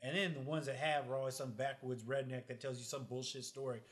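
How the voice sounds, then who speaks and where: A man's voice: mid-range voice, little pitch movement, fast. A man in casual podcast chat, telling blunt, profane stories about snakes and people.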